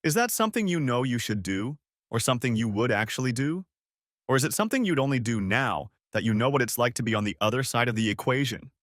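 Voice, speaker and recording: A man voicing a calm older male friend who smokes a pipe, speaking in a deep, measured, non-judgmental way in an audiobook story. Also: no echo, studio quality, lightly acted. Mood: probing. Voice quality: deep bass. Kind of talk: audiobook character reading.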